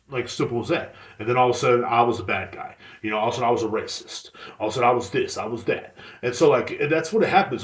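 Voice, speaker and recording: A man talking through his own podcast, swearing and rambling as he tells a story with lots of energy. His voice sits at a middle pitch. The room around him sounds echoey. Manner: profane, rambling, animated storytelling. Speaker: podcast host. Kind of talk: casual solo podcast rant.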